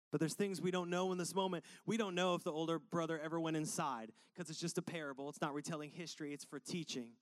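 A high-voiced man preaches a sermon in a casual, energetic way. He stresses his points by repeating them. The recording is close and dry. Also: quick pace, few pauses, no echo. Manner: energetic, conversational, emphatic repetition. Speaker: pastor.

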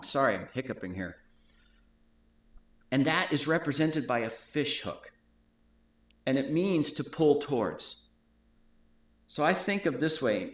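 Male host, mid pitch, earnest casual teacher, echoey room sound. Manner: earnest, explanatory, digresses. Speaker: host of a Bible study talk.

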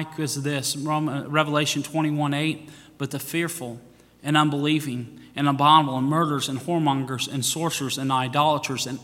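Man, pastor, sermon, bright forceful voice, long church reverb. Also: a little high. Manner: preaching with rising emphasis and scripture quotes.

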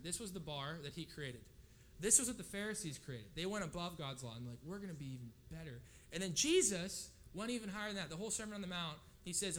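This sermon comes from a man whose voice sits on the high side with a bit of brightness. His style is relaxed and chatty, punctuated by regular "right?" checks with the listeners, and a faint hiss or hum runs under the recording.

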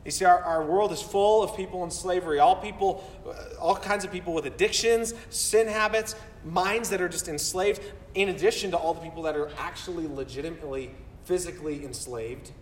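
A man preaching to his congregation, his voice pitched notably high. He speaks earnestly and doubles back on words when he presses a point. The sound comes from a distance and rings through a large, reverberant sanctuary. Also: brisk, slight background noise. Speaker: pastor. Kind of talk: sermon. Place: church sanctuary. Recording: roomy hall from far off.

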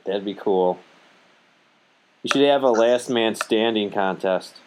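A man's voice: lowish voice, slow pace, background noise. A young man hosting a podcast, joking around crudely and swearing freely. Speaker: podcast host. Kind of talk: casual podcast banter.

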